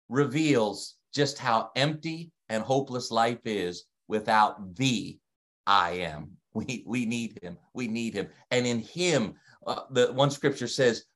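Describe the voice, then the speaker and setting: A man in his forties with a Delaware accent, preaching an online sermon with emphatic repetition and frequent calls to the listeners. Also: medium pitch. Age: 40s. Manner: emphatic, repeats key phrases, asks listeners to respond. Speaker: pastor. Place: streamed online service.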